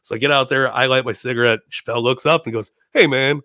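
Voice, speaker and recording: A man in his thirties from Chicago, a podcast guest telling a story in a casual, animated way, laughing and putting on voices. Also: mid-range voice, quick pace.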